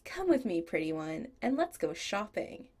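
A woman's voice: medium pitch, very animated, moderate pace, darkish tone. A woman voicing a flamboyant male goth punk shop owner who teases and bosses his friend fondly. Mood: bossy. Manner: fond and bossy teasing.

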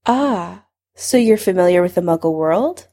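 A woman voicing an old male headmaster wizard who speaks in a measured, dry, quietly pressing way. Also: fairly low pitch, expressive. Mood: probing.

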